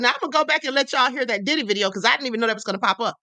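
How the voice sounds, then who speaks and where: Sassy high-voiced woman streamer. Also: lively intonation, fairly quick, sharp tone, no echo. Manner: sassy, emphatic, calls viewers honey. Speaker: livestream host. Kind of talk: casual commentary livestream.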